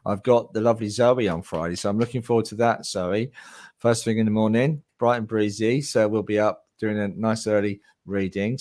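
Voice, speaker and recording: A man hosting a live-stream about mediumship, chatting casually and speaking directly to viewers. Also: on the low side. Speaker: host.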